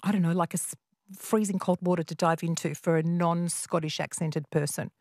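A woman hosting a national radio phone-in at night, asking quick questions and teasing her callers. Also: on the low side, fairly even intonation, darkish tone, no echo, studio quality. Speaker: radio host. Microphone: studio microphone.

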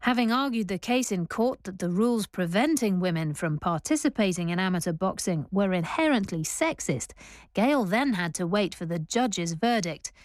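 A woman's voice: medium pitch, lively intonation, no room sound. Composed woman narrating a radio documentary. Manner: measured, clear, composed. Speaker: radio presenter and interviewer.

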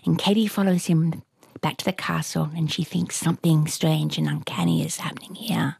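A woman retelling a folktale aloud in a lively, rhythmic way, with a husky voice. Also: low-pitched, moderate pace, no room sound. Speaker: storyteller. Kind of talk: oral folktale telling.

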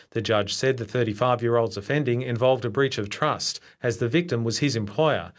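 Steady news reporter man. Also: medium pitch. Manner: steady, factual. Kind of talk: news reading.

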